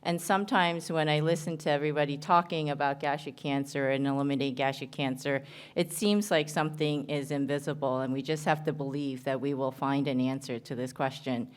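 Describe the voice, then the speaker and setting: A woman's voice: sits low, fairly even intonation, a little fast. A woman surgeon with a New Jersey accent, giving an earnest conference talk with many ums and restarts. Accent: American, New Jersey. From Korea. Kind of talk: conference presentation.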